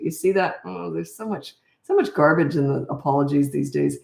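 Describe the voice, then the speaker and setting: A middle-aged woman with a lowish voice talks through viewer questions as a parenting coach. She sounds tired and rambles from point to point in an easy, chatty way. The room around her rings with a noticeable echo. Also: moderate pace, creaky, a little mellow. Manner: chatty, wandering off on tangents. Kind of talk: live Q&A chat. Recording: roomy echo.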